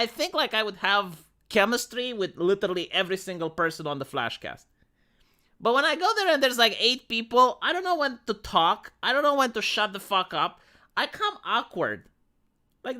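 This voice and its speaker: A man's voice: sits high, bright, forceful tone. A young man chatting bluntly with his live-stream chat, swearing often as he answers comments.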